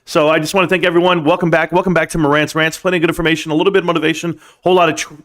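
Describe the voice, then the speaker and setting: A man's voice: a little high, flat delivery, racing, a bit bright. A man hosting a live stream, talking casually and emphatically straight to his viewers with rambling asides. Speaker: stock market live streamer.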